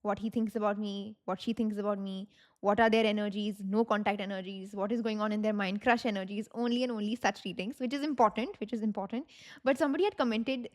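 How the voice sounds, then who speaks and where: A woman's voice: medium pitch, fairly even intonation, quick pace. A young woman with an Indian English accent, a tarot reader chatting to her viewers in a rambling, repetitive way, slipping into Hindi now and then. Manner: chatty, rambling, repeats herself, mixes in Hindi. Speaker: tarot reader and channel host. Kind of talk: casual talk to camera.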